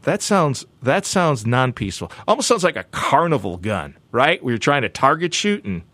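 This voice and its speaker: A man hosting a show segment, joking playfully and talking in a loose, animated way with many restarts and asides. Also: medium pitch, moderate pace, no room sound. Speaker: show host.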